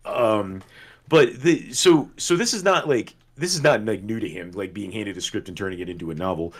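Low-voiced man, rambling podcast chat. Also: normal speed, slightly rough. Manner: rambling, many restarts and fillers, trails off quietly. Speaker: podcast co-host. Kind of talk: casual chat.

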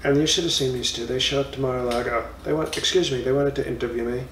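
A blustering former president rambles and boasts, handing out mocking nicknames, as a man puts him on. The voice sits at a middle pitch and sounds a little distant from the mic, in a roomy space with faint ambience behind. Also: fairly even intonation, quick pace, a bit bright, a little hiss or hum, close to an everyday voice. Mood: boastful. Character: comic impression of a blustering former male president. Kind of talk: comedy impression monologue.

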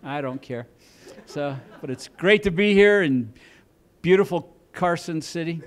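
An older man with a notably high voice does a stand-up comedy set on a club stage. He rambles in a folksy, self-mocking way into a handheld microphone. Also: expressive, a little slow.

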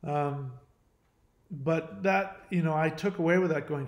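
A man hosts his own channel, speaking to the camera in a casual, earnest, confiding way, often restarting and trailing off. His voice runs on the high side at a measured pace, and the room is echoey.

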